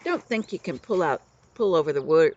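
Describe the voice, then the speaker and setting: A woman voicing a gruff, boastful male outlaw leader in a storybook reading, bossing everyone around in rough slang. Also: sits low, expressive, a little fast, a little mellow, dull audio. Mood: scornful. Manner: coarse old-fashioned slang, bossy.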